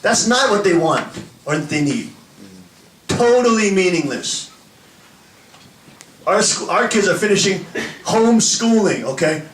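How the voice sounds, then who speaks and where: A man preaching a sermon, animated and laughing often as he acts out little scenes for the congregation. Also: sits high, measured pace, long pauses, reverberant, recorded from a distance, slight background noise, poor audio. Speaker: pastor. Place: church hall with an audience.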